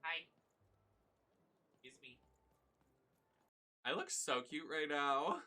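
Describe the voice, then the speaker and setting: A man giving live commentary on a video game, excitable and profane, shrieking when thrilled. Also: a little high, takes it slowly. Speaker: streamer. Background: faint game music.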